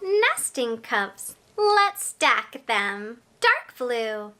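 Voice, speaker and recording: A woman's voice: on the high side, big pitch swings, extremely slow, over loud music. A woman hosting a toddler learning show. She talks in a playful, exaggerated way, makes animal sounds, and speaks straight to the little viewer with lots of encouragement. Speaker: children's educator host. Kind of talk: slow sing-song toddler teaching.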